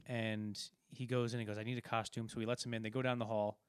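A man's voice: fairly low pitch, level tone, quick pace, clean tone, dry recording. Man retelling film scenes, dry close sound. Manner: rambling, retells scenes with quoted lines. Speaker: podcast co-host. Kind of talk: casual film discussion.

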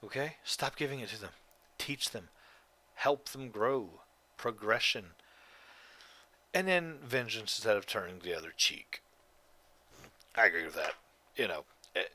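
An adult man who hosts a podcast solo speaks in a lowish, sharp-toned voice. He sounds tired, rambling along in a casual monologue that's profane and emphatic, with the occasional yawn.

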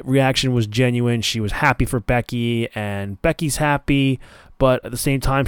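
A man hosting a solo podcast in an easy, chatty way, often stopping to restart his sentences. His voice sits at an ordinary middle pitch. The sound is dry and close, with no room around it. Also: no room sound. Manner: chatty, loose, many fillers and restarts. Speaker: podcast host. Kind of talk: casual solo podcast commentary.

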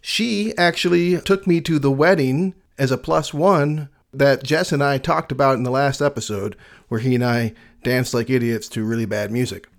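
A man's voice: mid-range voice, moderate pace. A man in his forties hosting a music podcast, chatty and laughing easily, with lots of fillers. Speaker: podcast host. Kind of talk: casual chat.

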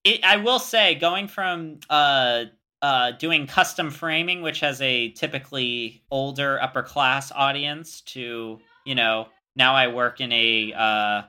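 Bright-voiced young man, halting chat. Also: medium pitch, smooth. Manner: halting, many fillers and restarts. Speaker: podcast co-host. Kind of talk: casual chat.

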